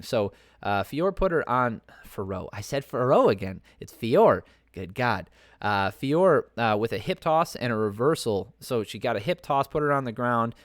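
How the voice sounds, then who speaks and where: A man's voice: medium pitch, fairly bright tone, dry recording, studio quality. A man hosting a podcast, giving a casual, rambling breakdown of fights with profane asides and lots of filler words. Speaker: podcast host.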